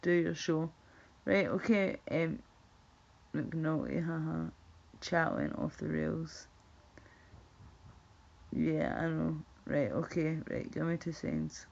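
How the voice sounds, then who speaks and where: Scottish woman chatting on her stream, slow and gravelly, kinda dull lo-fi sound. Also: deep voice, big pitch swings, a little mellow. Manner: chatty, swearing, laughing, repeating words. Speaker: livestreamer. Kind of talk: casual chat with viewers. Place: at home.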